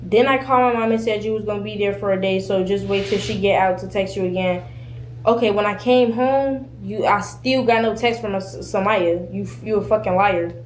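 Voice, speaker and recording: A woman's voice: medium pitch, a little fast. A young woman ranting in a heated, profane way about a fight, acting out both sides of the argument. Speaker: streamer telling a story in a clip. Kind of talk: heated rant. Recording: echoey room with faint noise.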